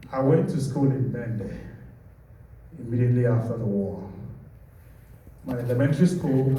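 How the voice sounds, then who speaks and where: A man from Nigeria speaking with a Nigerian accent, somewhere in his late fifties, recounting his own story. His voice is very dark and mellow, and he takes his time, letting each phrase land slowly. He sounds set back from the mic in a very roomy space with a faint hiss. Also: medium pitch. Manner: measured, deliberate storytelling. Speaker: speaker giving a personal testimony. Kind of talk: storytelling testimony. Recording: echoey room, distant mic.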